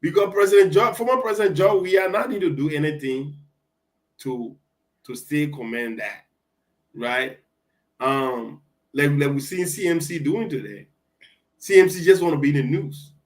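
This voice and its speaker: A man co-hosting a casual political talk show, talking in halting bursts with many restarts. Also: a little high, poor audio.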